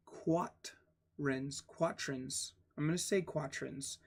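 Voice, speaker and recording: A young man reading a textbook aloud with casual asides, pausing to spell out words letter by letter and getting excited over odd spellings. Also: fairly high pitch. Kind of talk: casual read-aloud with commentary.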